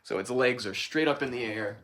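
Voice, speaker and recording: A man's voice: mid-range voice, fairly quick. Man telling a folk tale offhand. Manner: relaxed, improvised, with restarts. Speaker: storyteller.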